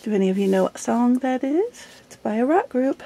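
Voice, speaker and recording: A woman's voice: fairly high pitch, sing-song, fairly quick, mellow. A middle-aged woman chatting casually while flipping through her journal, giggly and self-deprecating. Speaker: journal vlogger. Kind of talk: casual show-and-tell chat.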